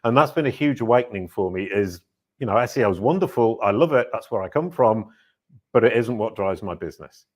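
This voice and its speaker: A man hosting a podcast interview, talking in long energetic explanatory runs. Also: on the low side, brisk. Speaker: podcast host. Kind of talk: conversational interview.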